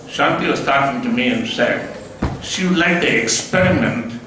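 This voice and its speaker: A man gives a measured, earnest guest-of-honor speech at a school event. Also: mid-range voice. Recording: echoey hall from far off, noisy.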